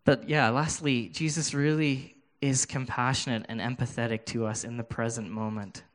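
A man's voice: medium pitch, fairly even intonation. Earnest man preaching a sermon. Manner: earnest, halting with repeated restarts. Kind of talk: sermon with personal testimony. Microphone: handheld microphone.

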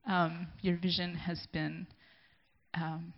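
A woman from a church community, giving a halting, heartfelt thank-you speech at a gathering and pausing to gather herself. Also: fairly low pitch, little pitch movement. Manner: emotional, halting, speaking with pauses to gather herself. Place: gathering in a room. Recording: dull lo-fi recording.

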